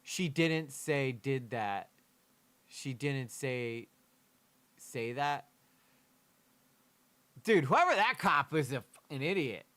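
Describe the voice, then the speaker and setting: A man's voice: medium pitch, animated, slow, pauses often, sharp tone. Emotional man reacting on a livestream. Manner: emotional, candid, swears casually. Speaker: reaction streamer.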